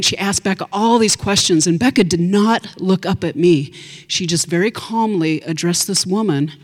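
A woman telling a personal story on stage to an audience, chatty and animated, with asides to the listeners. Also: lowish voice, normal speed. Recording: long hall reverb.

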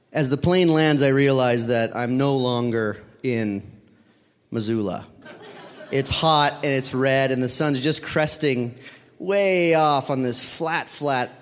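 A man telling a personal story to an audience, rambling and correcting himself with many fillers. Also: mid-range voice. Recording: long reverb of a hall.

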